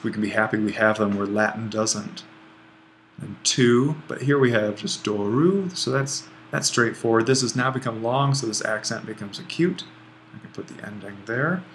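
A man teaching a grammar lesson over a screencast, relaxed and thinking aloud as he writes, often correcting himself. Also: on the low side, normal speed, a little hiss or hum. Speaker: Greek language instructor.

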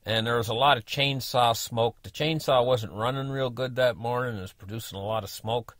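A man's voice: medium pitch, a little fast, a bit bright, no room sound, studio quality. An older man telling a story in a folksy, rambling way, full of "you know" and restarts. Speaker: storyteller, channel host. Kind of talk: casual spoken storytelling.

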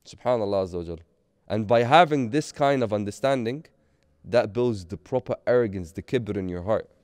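A man's voice: on the low side, fairly quick, darkish tone, no room sound. A man giving a Friday sermon, earnest, asking rhetorical questions and mixing in Arabic phrases. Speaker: preacher.

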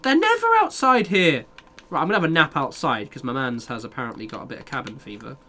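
A man's voice: medium pitch, racing, bright, forceful tone, slight background noise. A young man casually commenting on a survival game as he plays, swearing and talking back to his chat. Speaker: streamer.

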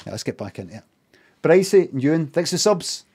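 A Scottish man livestreaming, talking in a casual, sweary, animated rant. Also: on the high side, fairly quick, breathy edge.

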